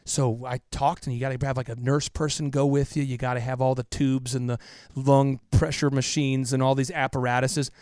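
A man in his thirties, a podcast guest telling stories with emphatic, repetitive energy that drops to a hush for emotional moments. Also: mid-range voice, flat delivery, a little fast, clear, resonant tone, no echo, studio quality. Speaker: podcast guest, business coach. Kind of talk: impassioned storytelling interview.

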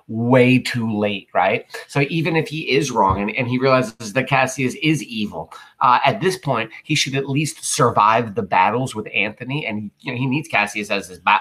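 A man's voice: lowish voice, fairly bright tone, breathy edge. A man teaching as an English teacher, reading lines from a play aloud and explaining them in casual, joking slang. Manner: casual, jokey paraphrasing.

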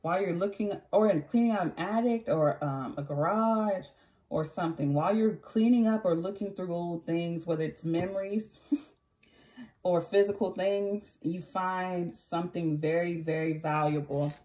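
A woman's voice: on the low side, normal speed, dark tone. A woman giving a casual tarot reading who chats freely, corrects herself and laughs often. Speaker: tarot reader.

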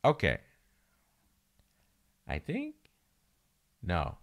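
A man's voice: low voice, huge pitch swings, extremely slow. A man streaming himself playing a game, chatting casually, mocking himself and swearing now and then.

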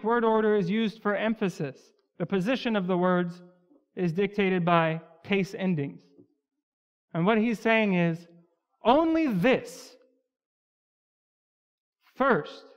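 A man preaching an expository sermon as pastor of a church, slowing down to stress key words. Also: sits high, clear, resonant tone. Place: church sanctuary. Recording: dull, lo-fi church recording with long hall reverb.

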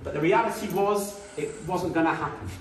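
A man's voice: a little high, fairly quick, slight background noise. Chatty man in an echoey hall. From Britain. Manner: chatty, indignant asides, frequent ums. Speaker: guest speaker. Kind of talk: informal history talk with slides. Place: school hall. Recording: echoey hall, distant mic.

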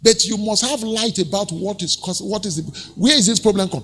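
A man's voice: high voice, fairly quick, a bit bright, slightly rough, big-room sound. A Nigerian man preaching a sermon as pastor, retelling a story animatedly with laughter.

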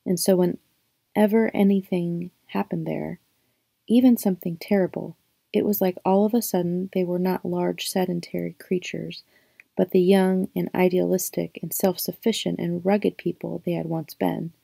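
A woman reading a novel aloud in a calm, even, reflective first-person narration. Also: on the low side, moderate pace, vocal fry, no room sound. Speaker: audiobook reader.

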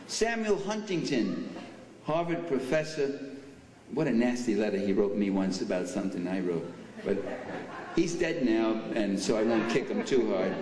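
A man's voice: medium pitch, very animated, normal speed, darkish tone. An older man giving a political speech at a banquet, sarcastic and full of mocking asides. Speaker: speaker at a banquet. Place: banquet hall. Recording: echoey hall from far off.

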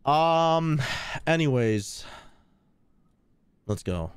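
A man's voice: on the high side, expressive, very slow, clean tone, dry recording. A man streaming a game, chatting casually with viewers in rambling, slangy, cursing talk.

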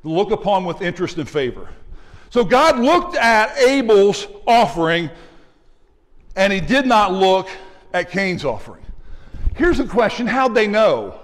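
A man's voice: high-pitched, unhurried, long reverb tail. A man, the pastor, preaching a sermon in a church and calling out to the congregation as he teaches. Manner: animated preaching with call-outs to the congregation. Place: church sanctuary.

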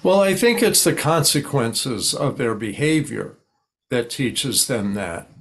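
Older male expert guest, calm and explanatory, slips into sample dialogue. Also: mid-range voice, takes it slowly. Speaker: guest expert on high-conflict people. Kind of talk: conversational interview.

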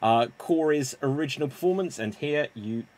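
A man hosting an online improv show, briskly introducing the games and calling for votes. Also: on the high side, animated, a little mellow. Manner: brisk, upbeat, running the games.

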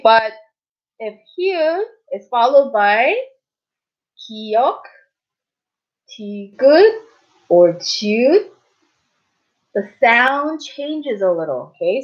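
A woman in her thirties teaches in a casual, patient way, saying each word slowly and more than once. Her voice sits a little high. The audio is dull and muffled, like a cheap recording. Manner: patient, repeats words slowly, checks in with "okay? right?". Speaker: Korean language teacher. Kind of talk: casual spoken lesson.

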